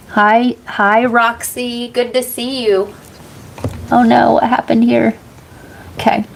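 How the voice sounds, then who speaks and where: A woman's voice: mid-range voice, gravelly, poor audio. Rambling American woman reading chat on a livestream. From United States. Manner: rambling, laughs often, swears casually, reads chat aloud. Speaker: tarot reader and livestream host.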